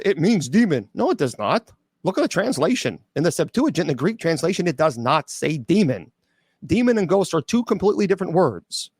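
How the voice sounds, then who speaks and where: A man's voice: a little high, no room sound, studio quality. A celibate clergyman taking viewer questions on a livestream, blunt and sarcastic, with frequent restarts and stumbles.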